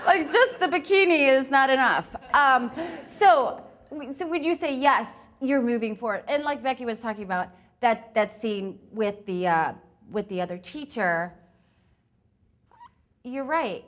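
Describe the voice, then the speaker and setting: A woman's voice: fairly high pitch, measured pace, fairly bright tone. A woman giving a live talk on improv, chatty and laughing often between her points. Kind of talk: live talk with audience exercises.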